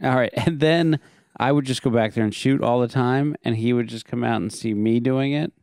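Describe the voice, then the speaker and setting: A man's voice: medium pitch, normal speed, creaky, darkish tone, smooth, no echo, clean studio sound. A man co-hosting a podcast, joking and teasing in casual chat. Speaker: podcast co-host.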